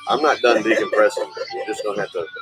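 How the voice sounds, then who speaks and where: A man with a somewhat low voice, bantering loosely and swearing freely as he hosts a late-night livestream. Loud music plays under his talk throughout. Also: fast talker. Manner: profane, laid-back banter. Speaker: livestream host.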